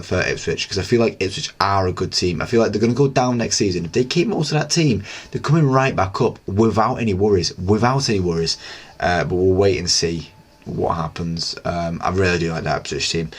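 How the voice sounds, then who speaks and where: Deep-voiced chatty young man recapping football. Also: moderate pace. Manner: chatty, rambling, excitable, with frequent fillers. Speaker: football channel host. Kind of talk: casual solo football recap.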